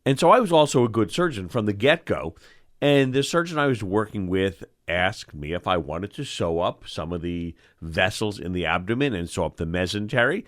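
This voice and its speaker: A low-voiced older man from New York tells stories in casual chat, his pitch rising and falling widely. He acts out the people in his stories as he goes. He hosts the show as an eye doctor. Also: moderate pace. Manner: animated storyteller, acts out voices. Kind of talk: storytelling chat.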